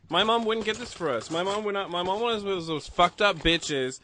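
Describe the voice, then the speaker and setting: A man in his forties hosting a podcast, chatting casually and gushing excitedly. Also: sits high, moderate pace, a little hiss or hum. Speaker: podcast host. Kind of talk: casual chat.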